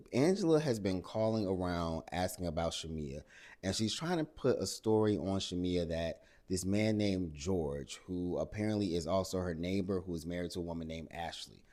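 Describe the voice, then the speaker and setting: A deep-voiced man hosts a casual reality TV recap, animated and exasperated, throwing in salty asides and acting out quotes.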